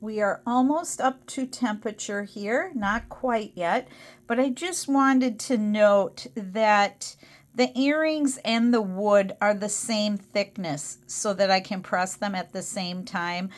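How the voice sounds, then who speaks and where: A woman's voice: medium pitch, takes it slowly. A woman hosting a crafting tutorial who explains each step and setting methodically as she works.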